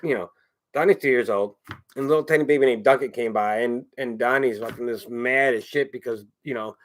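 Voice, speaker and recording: A streamer talks casually on his own in a brisk, mid-range voice, rambling, swearing often and repeating phrases.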